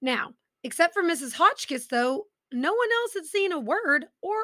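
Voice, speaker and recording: A woman hosts a true-crime podcast, telling the story casually. She drops in personal asides. Her voice is bright and crisp. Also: high-pitched, lively intonation, measured pace, hardly any pauses, no room sound, clean studio sound. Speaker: podcast host.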